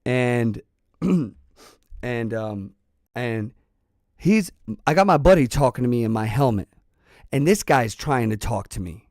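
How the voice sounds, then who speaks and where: Gravelly slow-talking guy rambling through a story, swears a lot, dry sound. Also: medium pitch, lively intonation, a little mellow, no echo. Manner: rambling and profane, with many restarts. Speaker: channel host. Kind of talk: casual storytelling.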